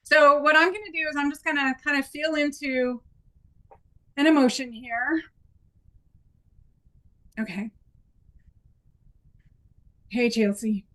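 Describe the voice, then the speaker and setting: A woman's voice: high-pitched, a little slow, long pauses, pushed and bright. A woman instructor leading an improv exercise in a training workshop, encouraging and conversational. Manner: encouraging, conversational, with playful demonstrations.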